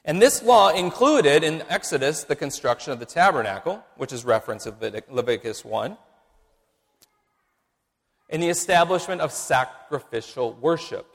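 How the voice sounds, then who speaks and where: Preacher, male, slightly high and very lively voice, measured teaching sermon with emphatic repetition, long church-hall reverb. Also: vocal fry. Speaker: pastor.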